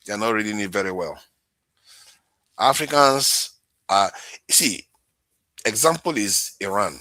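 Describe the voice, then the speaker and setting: A man's voice: fairly low pitch, lively intonation, measured pace, bright, forceful tone, no echo. A Nigerian man hosting a live-stream political commentary, ranting with sarcasm and talking back to commenters. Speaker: host.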